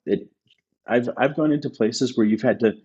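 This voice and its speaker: The audio is dull as a male business consultant, guesting on a podcast, speaks at a moderate pace in a medium-pitched, slightly mellow voice with a breathy edge. He is emphatic throughout the casual interview, repeating points to stress them.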